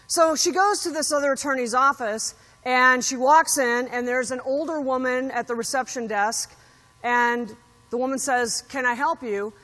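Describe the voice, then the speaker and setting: A woman keynote speaker with a high voice tells stories to a conference audience and acts out the quotes with plenty of animation. Her voice carries through a large hall with a long reverb tail. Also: moderate pace. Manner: animated storyteller acting out quotes. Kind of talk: motivational keynote speech.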